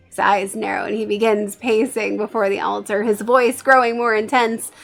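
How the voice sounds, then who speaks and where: A woman's voice: medium pitch, little pitch movement, normal speed, creaky, few pauses, soft background music. A woman streaming a game, casually reading its story aloud between chatty asides. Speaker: streamer narrating a life-sim game. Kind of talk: casual let's-play narration.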